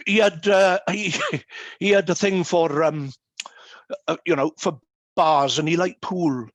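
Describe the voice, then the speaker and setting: A man telling humorous stories with many fillers and pauses, speaking as guest at an online meeting over a video call. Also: sits high, steady tone, dry recording. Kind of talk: anecdotal talk at an online meeting.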